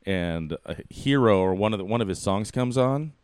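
Man, very low voice, dry close sound, animated storytelling, swears a lot. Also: moderate pace, smooth, no echo. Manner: animated, swearing, acts out quotes. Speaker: bartender and podcast guest. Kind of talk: casual storytelling.

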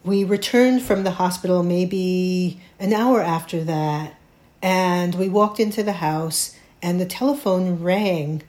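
A middle-aged woman, a playwright, telling a personal story in an interview, thoughtful and halting, with many restarts. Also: on the low side, a little mellow. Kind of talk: reflective conversational storytelling.

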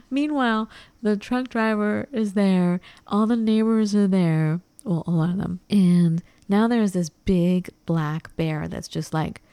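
A woman's voice: mid-range voice, slow pace, clean tone, no echo. A woman co-hosting a podcast, chatting casually and acting out the lines of the people in her story. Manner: animated, acts out quoted dialogue. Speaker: podcast co-host.

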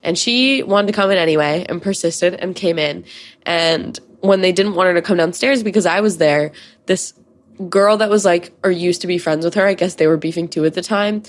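A woman's voice: fairly low pitch, normal speed. A woman in her twenties telling candid, profane stories as a podcast host in casual chat. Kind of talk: casual storytelling.

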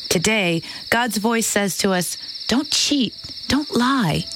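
A woman playing an older grandmother in a children's radio drama, gentle and teasing as she explains things patiently. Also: fairly high pitch, lively intonation, slow pace. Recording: cricket ambience noise behind.

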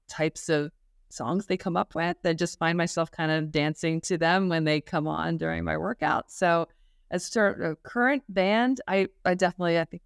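A woman's voice: low voice, clean tone, no room sound, studio quality. A middle-aged woman, a music business professor, talking earnestly and thoughtfully in a podcast interview, with some restarts and fillers.

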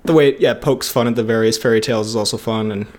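A man's voice: on the low side, steady tone, fast talker, a little mellow. A young man co-hosting a casual podcast, joking and swearing as he chats. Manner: joking, swears, laughs often. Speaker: podcast co-host. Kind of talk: casual chat.

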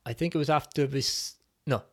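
A man as a podcast guest, speaking reflectively and hesitantly with many pauses as he tells his personal story. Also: mid-range voice. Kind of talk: personal testimony in conversation.

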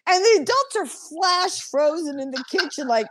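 High, lively woman in her fifties. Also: moderate pace, no echo. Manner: animated, swearing, laughing storyteller. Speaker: guest. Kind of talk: casual storytelling chat.

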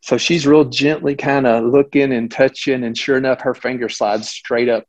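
A middle-aged man, a physician, tells a case story in a conversational, animated way, with frequent restarts and asides. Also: medium pitch, moderate pace, low-quality recording. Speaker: physician guest.

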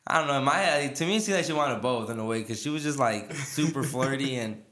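A man's voice: mid-range voice, quick pace, a bit bright. A man hosting a podcast, telling a rambling story in casual chat, laughing and full of fillers. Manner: rambling, laughing, lots of filler and quoted dialogue. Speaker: podcast host. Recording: echoey room.

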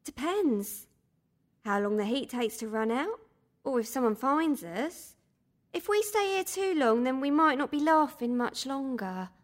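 An actress playing an unflappable spa worker with a dry, new-agey manner in an audio drama. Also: female voice, sits high, lively intonation, measured pace. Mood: calm. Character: calm, sardonic spiritual spa worker woman. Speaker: spa employee.

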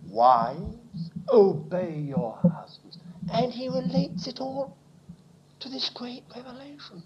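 A man preaching a sermon, swinging from quiet asides to loud exclamations. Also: very high-pitched, slow, background noise. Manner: animated preaching, dropping to near-whispers and rising to exclamations. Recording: muffled lo-fi recording.

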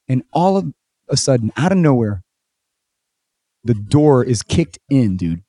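A man hosting a casual podcast interview, telling stories with lively acted-out quotes and casual swearing. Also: medium pitch, moderate pace, dry recording, studio quality. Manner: animated storyteller, acts out quotes, swears casually. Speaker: podcast host.

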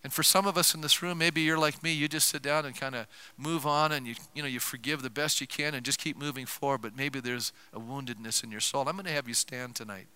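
A man's voice: mid-range voice, fairly even intonation, quick pace, few pauses, pushed and bright, clear, resonant tone. A male pastor preaching a sermon, telling a personal story with emotion and frequent asides.

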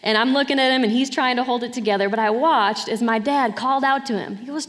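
A woman's voice: fairly high pitch, fast, hardly any pauses, a bit bright. A woman preaching a sermon in a conversational way, often checking in with her listeners. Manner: conversational, often asks "right?". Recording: hall reverb.

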